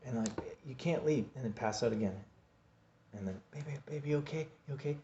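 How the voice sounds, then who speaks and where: A man vlogging a personal story, halting and repeating himself as he acts out his own pleas. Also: mid-range voice, mellow, slight background noise. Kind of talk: personal story told to camera. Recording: dull lo-fi recording.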